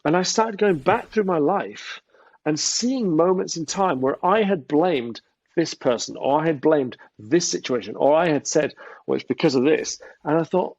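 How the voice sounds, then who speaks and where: Gravelly, husky man telling a story. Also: fairly high pitch, moderate pace, dry recording. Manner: animated storytelling, acts out quoted voices. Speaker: guest entrepreneur. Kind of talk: casual interview chat. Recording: dry, dull lo-fi sound.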